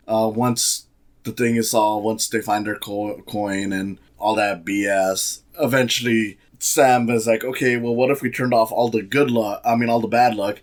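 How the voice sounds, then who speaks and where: Rambling, sardonic man reviewing a film. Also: on the low side. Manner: rambling, sardonic, many fillers. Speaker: podcast host.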